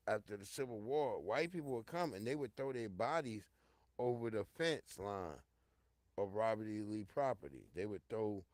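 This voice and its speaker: A middle-aged man hosting a show, telling a personal story in a casual, profane monologue, talking straight to his listeners and swinging from loud outbursts to hushed low tones. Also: no room sound. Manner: addresses listeners directly and repeatedly.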